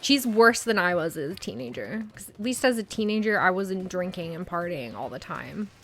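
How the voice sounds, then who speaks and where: A woman's voice: on the low side, expressive, normal speed, slight background noise. A young woman streamer telling a story in casual live-stream chat, full of "like" fillers. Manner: chatty storytelling, frequent "like" fillers.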